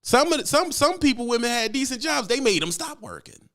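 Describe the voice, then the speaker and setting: A man who streams about trucking, talking in an animated, slangy, teasing way and reading chat aloud. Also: extremely high pitch, a little fast. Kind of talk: casual live-stream chat.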